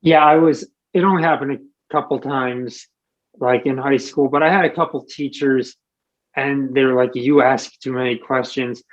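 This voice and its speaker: A man's voice: medium pitch, steady tone, moderate pace. Chatty man on a dull, lo-fi line. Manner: chatty, filler-heavy with lots of "like". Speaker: podcast guest. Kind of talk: casual conversation. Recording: dull, lo-fi audio.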